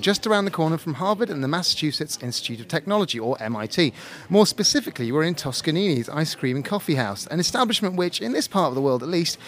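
A man's voice: a little high, a bit bright. A man hosting a science podcast from a café, presenting a scripted show with a wry, joking delivery. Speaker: podcast host.

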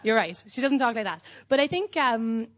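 A woman's voice: a little high, normal speed. Irish woman rambling through a standup set. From Ireland. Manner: whimsical, rambling deadpan storytelling with frequent ums. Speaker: standup comedian.

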